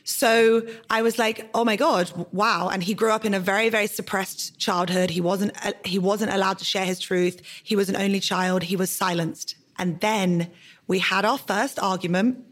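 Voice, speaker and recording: Brief: woman podcast host, fiery and passionate, casual swearing, medium pitch. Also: steady tone, moderate pace. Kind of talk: candid interview conversation.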